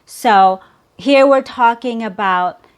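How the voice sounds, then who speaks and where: Slow, careful woman teaching pronunciation. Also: a little high, clear, resonant tone. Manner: slow, careful, repeats words for drilling. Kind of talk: pronunciation lesson.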